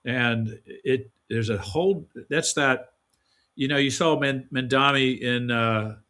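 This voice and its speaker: A man's voice: medium pitch, slow, fairly bright tone. A man being interviewed, telling stories in a rambling, folksy way with frequent restarts. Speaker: guest. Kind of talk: casual interview conversation.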